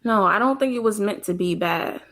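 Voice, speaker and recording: A woman's voice: mid-range voice, crowd noise. Frank woman podcast co-host. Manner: frank, retells scenes with quick quotes. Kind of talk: casual movie chat.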